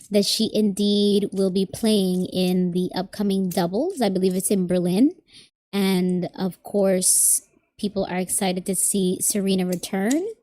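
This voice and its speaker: A woman's voice: mid-range voice, mellow. A woman giving a live tarot reading, chatting casually and thinking aloud with plenty of asides. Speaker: tarot reader.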